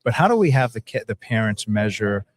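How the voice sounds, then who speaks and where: Casting: man with a lowish voice, podcast host, asks rambling questions that restart often. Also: sing-song, a little fast. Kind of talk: conversational podcast interview.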